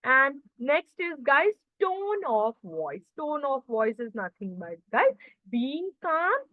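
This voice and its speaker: A woman teaches an online communication skills class in a fairly high voice. She explains each point through little acted scenes from daily life and keeps checking in with her students. The sound is dry and narrow, like a phone-line video call. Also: sing-song, slow pace, dry recording. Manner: explains with acted everyday examples, often says "guys" and "clear?". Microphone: computer or headset mic on a video call.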